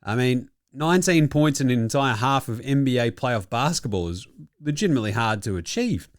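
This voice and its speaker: A man's voice: medium pitch, lively intonation, fairly quick, dry recording, clean studio sound. A young adult man with an Australian accent hosting a casual basketball commentary show, mocking and swearing freely with frequent chuckles. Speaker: basketball podcast host.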